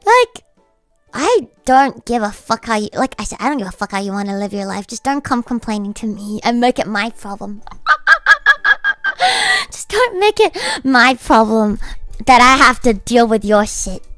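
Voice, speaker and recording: A woman on a livestream, talking in a bluntly profane, ranting way. Her voice sits on the higher side and is recorded dry and close. Faint music plays underneath. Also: wildly swooping pitch, normal speed, bright, forceful tone, dry recording. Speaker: streamer. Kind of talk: casual livestream chat.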